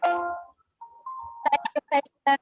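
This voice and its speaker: A woman's voice: high voice, steady tone, very slow, soft background music, poor audio. A woman on a video call, giving instructions in a firm, instructive way. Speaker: meeting participant giving forfeits. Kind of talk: casual chat.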